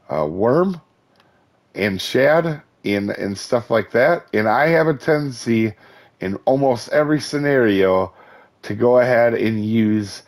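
A man with a hoarse, fading voice hosting a casual game guide, chatty and enthusiastic, with many fillers and restarts. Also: mid-range voice, darkish tone. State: hoarse, losing his voice. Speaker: gaming channel host.

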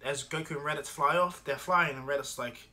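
A man narrating a homemade fan story in a loose, rambling way, restarting sentences and filling pauses. His voice is bright and forward, with faint music underneath. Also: a little high. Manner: rambling, many restarts and fillers. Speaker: fan storyteller, channel host.

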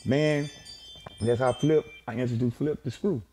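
A man from Texas, an interview guest, telling long stories in an animated way, repeating words and swearing freely. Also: medium pitch, unhurried, husky. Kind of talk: animated storytelling.

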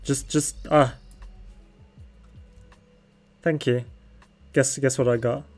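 A man's voice: medium pitch, steady tone, takes it slowly, a little mellow, soft background music. A man streaming a game, chatting playfully and giggling, with sudden yelps when things go wrong. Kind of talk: casual gaming chat.

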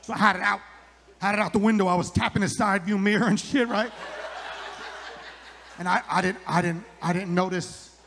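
A man's voice: sits high, fairly even intonation, moderate pace, gravelly, long pauses, fairly bright tone. A middle-aged man doing a rambling stand-up comedy set on a club stage, repeating his lines for the punch.

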